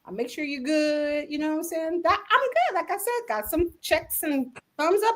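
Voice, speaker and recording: A woman hosting a faith podcast, telling stories in an animated, slangy way and acting out quotes, with a constant "you know what I'm saying?". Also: extremely high pitch, normal speed, hardly any pauses. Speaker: podcast host. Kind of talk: casual faith talk.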